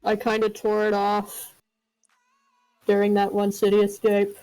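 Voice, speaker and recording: A woman playing a tabletop role-playing game in a casual, giggly, unhurried way. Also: mid-range voice, monotone, warm tone, low-quality recording. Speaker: player.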